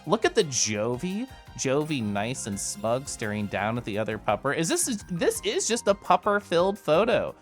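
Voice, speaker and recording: A young man chatting casually with viewers on a live stream, giggly and animated. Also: medium pitch, moderate pace, few pauses, soft background music.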